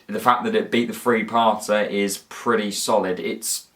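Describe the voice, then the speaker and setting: An eager man chatting casually about his favourite episodes, his voice sitting a little on the low side. He gushes, circles back and restarts his sentences as he goes. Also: fairly even intonation, normal speed, fairly bright tone. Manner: enthusiastic, rambling with frequent restarts. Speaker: fan reviewer. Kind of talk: casual ranking chat.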